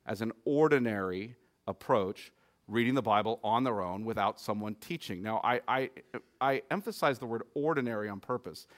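A man in a spirited interview, making his case with force. His voice sits at an ordinary middle pitch. He fires rhetorical questions and doubles his words as he starts each point. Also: a bit bright. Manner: emphatic and argumentative, uses rhetorical questions. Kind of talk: conversational debate.

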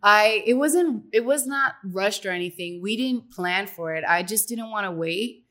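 A young woman guest in a casual interview, chatty and upbeat, laughing often and filling pauses with "um" and "like". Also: medium pitch, bright, forceful tone. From Dominican heritage. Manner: chatty, laughs often, many fillers and restarts.

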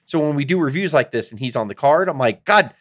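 A middle-aged man co-hosting a podcast in casual chat, rambling and excitable, swearing often as he talks. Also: a little high, fast talker, no room sound, studio quality. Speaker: podcast co-host.

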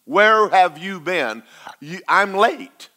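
A man's voice: high-pitched, lively intonation, slow, bright, forceful tone, exaggerated voice. A male pastor voicing an impatient seventeen-year-old son who complains to his dad in a sermon story. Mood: complaining. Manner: complaining, accusing.

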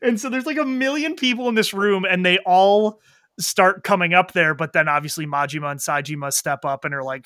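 A man in casual chat who animatedly retells a video game story. He swears freely and acts out the characters in quick quoted lines. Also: fairly high pitch, bright, forceful tone, no room sound, studio quality.

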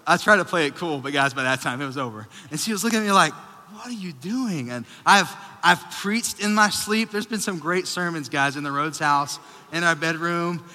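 High, bright-voiced pastor. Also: male voice. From Texas. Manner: self-deprecating, joking, conversational. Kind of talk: casual humorous sermon. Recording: long reverb of a large hall.

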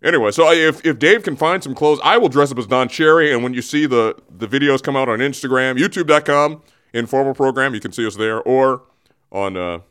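A man's voice: medium pitch, fairly bright tone, clear, resonant tone. A man hosting a radio show in a studio, talking sports in a loose, digressive way and often interrupting himself. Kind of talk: casual rambling sports talk.

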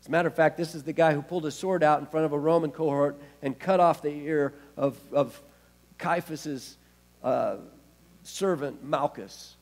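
A man preaching a sermon as pastor, expressive, with wide swings in loudness and casual, laughing asides. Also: on the high side, normal speed.

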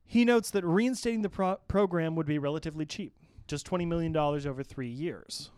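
A man's voice: a little high, fairly quick, a little mellow, clear, resonant tone, no echo, studio quality. A man hosting a gaming podcast, reading news items steadily with small restarts and casual asides. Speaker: host and news reader. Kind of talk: podcast news rundown with banter.

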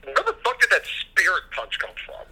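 Man, laid-back podcast co-host; very bright, slightly high voice, lots of fillers. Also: moderate pace, slightly rough, poor audio. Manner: relaxed, filler-heavy, mildly profane. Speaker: podcast co-host reviewing a film. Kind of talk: casual chat.

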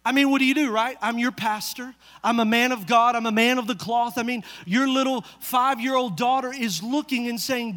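A male pastor preaching a sermon, telling a family story with lively rhetorical questions to the congregation. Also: very high-pitched, moderate pace. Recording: long hall reverb.

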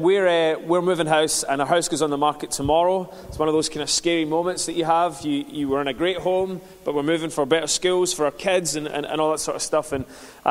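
A man preaching a sermon, telling stories in a conversational, self-deprecating way. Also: fairly high pitch. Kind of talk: sermon with storytelling. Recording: reverberant hall.

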